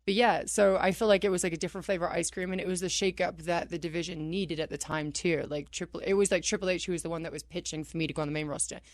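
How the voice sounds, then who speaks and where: Woman, 30s, radio guest; chatty, animated storyteller, laughs a lot, dry close sound. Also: on the low side, quick pace, hardly any pauses, no room sound. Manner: animated, laughs often, acts out quotes. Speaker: wrestler guest. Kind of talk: casual radio interview storytelling.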